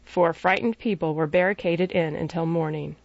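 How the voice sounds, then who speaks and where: A woman reads an audiobook, narrating in a measured way and giving the characters distinct voices. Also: fairly low pitch, creaky, dry recording. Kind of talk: scripted narration. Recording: dry, slightly dull recording.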